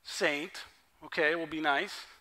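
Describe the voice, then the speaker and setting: Male pastor, excitable preacher, high bright voice, conversational sermon. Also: takes it slowly. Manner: excitable, enthusiastic storyteller. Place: church worship service.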